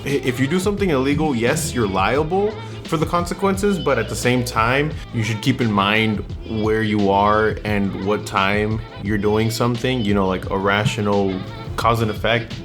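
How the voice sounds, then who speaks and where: Low-voiced young man ranting over music. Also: normal speed, few pauses. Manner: blunt, swears constantly, slangy and heated. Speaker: vlogger. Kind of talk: casual profane rant, storytelling.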